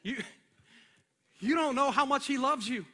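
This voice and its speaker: Man, pastor, sermon, very high voice, animated, church stage microphone. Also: unhurried, a faint crowd. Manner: animated, acts out scenes with a helper on stage. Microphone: handheld or stage microphone.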